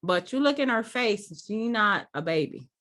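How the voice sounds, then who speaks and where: A woman in her forties co-hosting a casual podcast chat, expressive, with quick laughs and short asides. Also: medium pitch. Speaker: podcast co-host.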